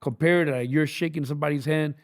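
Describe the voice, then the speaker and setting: A man from Los Angeles talks as a podcast guest in a loose, emphatic street style, swearing often. His voice sits a little high and has a gravelly grain to it. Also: fairly even intonation, a little fast. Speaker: guest, record label founder. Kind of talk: casual podcast chat.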